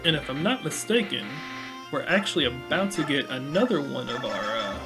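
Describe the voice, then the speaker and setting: A man's voice: medium pitch, expressive, moderate pace, over music. A man hosting a let's play, talking casually in a rambling, distracted way. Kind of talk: casual gameplay commentary.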